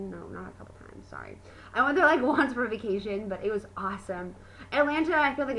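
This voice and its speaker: A young woman gushing excitedly in a casual video review, full of fillers and exclamations. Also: mid-range voice, poor audio. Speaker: book and movie vlogger.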